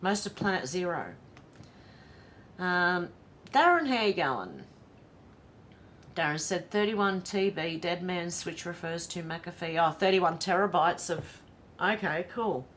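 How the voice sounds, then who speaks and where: A woman's voice: fairly low pitch, lively intonation, slow pace, a bit bright, slight background noise. An Australian woman hosting a casual livestream, reading viewer comments aloud and greeting each by name. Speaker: livestream host reading chat.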